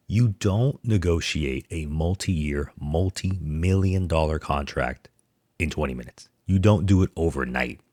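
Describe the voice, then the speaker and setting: Very deep-voiced man ranting about sports. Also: moderate pace, a little mellow, no echo, studio quality. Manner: incredulous, sarcastic ranting. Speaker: podcast host. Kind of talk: casual sports commentary monologue.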